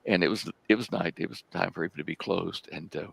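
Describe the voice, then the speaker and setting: An older man telling a story as a talk-show guest, his voice very low and heavily gravelly. He speaks in a halting way and often repeats a word before he moves on. The sound is close and dry. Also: no room sound. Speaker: guest researcher.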